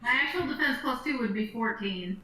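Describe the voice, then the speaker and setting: A woman's voice: fairly high pitch, animated, brisk, sharp tone, recorded from a distance, slight background noise. A woman playing a tabletop game with dry, laid-back remarks. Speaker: player. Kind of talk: casual tabletop game play. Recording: roomy echo, a bit away from the mic.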